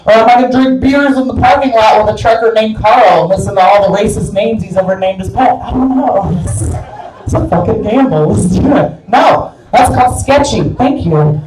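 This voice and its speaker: A woman's voice: fairly high pitch, normal speed, a little mellow. A woman stand-up comedian telling a crude, rambling story live on stage in a club. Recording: echoey club from far off.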